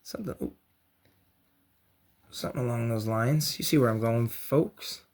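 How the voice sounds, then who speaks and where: A man's voice: mid-range voice, moderate pace, a little mellow. A man hosting a casual painting and crafts tutorial, chatty and encouraging, with joking slangy asides. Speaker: host of a toy and craft channel.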